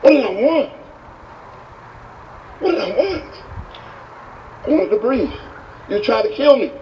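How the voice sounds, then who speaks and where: A man's voice: extremely high pitch, lively intonation, measured pace, echoey room, voice pushed up. A man doing a frantic, furious young guy. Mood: indignant. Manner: yelling, indignant. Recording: distant, dull, faint hiss.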